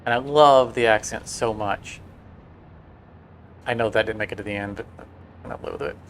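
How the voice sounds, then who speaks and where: A man's voice: lowish voice, normal speed, a little hiss or hum. Rambling male game streamer. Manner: rambling, storytelling with restarts. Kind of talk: casual livestream chat.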